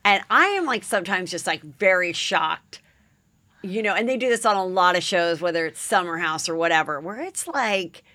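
A woman with a bright, forceful voice hosts a podcast, chatting and firing off follow-up questions. Her voice is close and dry. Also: fairly low pitch, moderate pace, no echo. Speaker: podcast host. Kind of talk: casual podcast chat.

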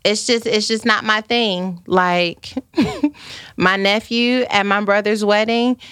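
A woman's voice: mid-range voice, slow pace, clean tone, no echo, studio quality. A middle-aged woman hosting a live stream, chatting casually and telling stories with frequent laughter. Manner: animated storytelling, frequent laughter. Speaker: live-stream host reading viewer comments. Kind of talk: casual chat.

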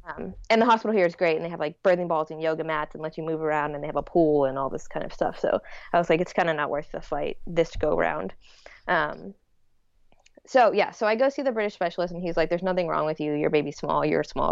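A woman's voice: low voice, fast, vocal fry, no room sound. Woman, casual storyteller, fillers throughout, dull dry audio. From United States. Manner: chatty, lots of "like" and "um". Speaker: guest telling her birth story.

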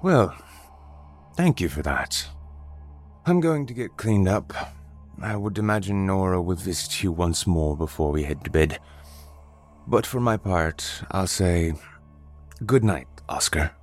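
A man playing a calm, detached butcher and captor in a horror audio drama, speaking politely and in a measured way. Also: low voice, faint music behind. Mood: coolly polite. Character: cold, curious male butcher and captor.

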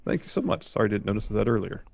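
A man co-hosting a casual livestream, recounting a wrestling match move by move in a steady run-on way. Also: lowish voice, racing, creaky, no echo, clean studio sound. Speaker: co-host.

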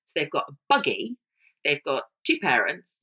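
A middle-aged woman, co-hosting a casual chat podcast and telling stories with lively mimicry. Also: moderate pace, slightly rough, highs cut off. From England. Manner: animated storyteller, mimics people in high voices. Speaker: podcast co-host.

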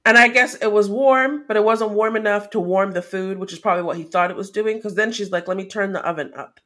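Speaking fairly quickly with a medium-pitched, slightly bright voice, this woman keeps her intonation fairly even. She co-hosts a podcast, working through a casual recap in an analytical way and using some hesitant fillers.

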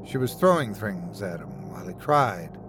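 A man's voice: on the low side, big pitch swings, moderate pace, background noise. Man narrating a horror story.

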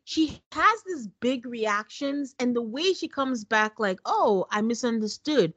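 Animated laughing woman recapping a show. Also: high-pitched, takes it slowly, no room sound, dull audio. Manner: animated storyteller, laughs often, mimics voices. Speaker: podcast co-host. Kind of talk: casual recap chat.

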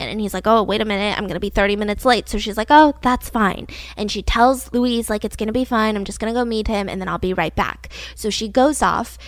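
Woman host, slightly high voice, dry close sound, casual crime storyteller. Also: a bit bright, no echo. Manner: chatty, peppered with "like", acts out quotes.

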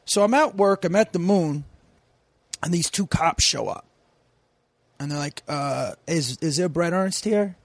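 A man's voice: on the high side, unhurried, long pauses, no room sound. A man in his forties telling a profane story in casual podcast talk, acting out the people he quotes. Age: 40s. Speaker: comedian guest.

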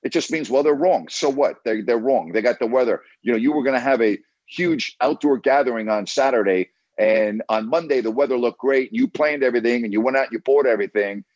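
A man's voice: medium pitch, a little fast, few pauses, a little mellow, no room sound, highs cut off. A man hosting a call-in sports radio show, blunt and emphatic, who keeps repeating himself to press his point.

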